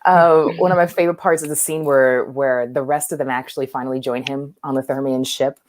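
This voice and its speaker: Woman guest, low-pitched, loose rambling podcast chat. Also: steady tone, a little fast, a little mellow, no room sound. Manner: rambling with many fillers and restarts. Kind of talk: casual chat.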